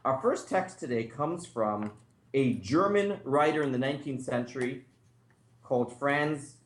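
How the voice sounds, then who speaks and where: A man, a rabbi, teaching a class in a relaxed, conversational way with frequent asides. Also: medium pitch, unhurried. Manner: conversational, thinks aloud, many asides. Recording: echoey room.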